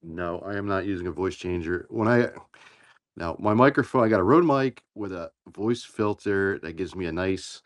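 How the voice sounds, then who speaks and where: A man chiming in as a regular on a live talk room, relaxed and playful. His voice leans low. He takes his time and sounds at ease. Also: normal speed. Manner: laid-back, playful. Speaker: regular co-host. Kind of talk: casual banter.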